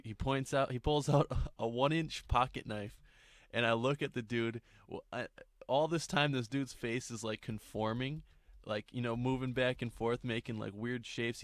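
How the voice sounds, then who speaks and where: A man's voice: medium pitch, no echo, clean studio sound. A young man in his twenties, casually telling a story for a vlog, rambling with laughs, swearing and restarts.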